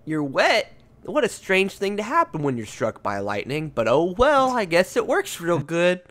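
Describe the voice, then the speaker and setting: A man's voice: high-pitched, wildly swooping pitch, normal speed, fairly bright tone. A man co-hosting a podcast in casual comedic banter, rambling and joking, often laughing. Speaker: podcast co-host.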